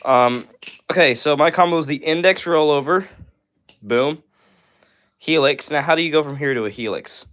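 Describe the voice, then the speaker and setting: A young man with a slightly high, fairly bright voice hosts a live stream at a normal pace, leaving long pauses. He reads viewer comments aloud and answers them in a friendly, upbeat way, tossing in plenty of "all right" and "bro."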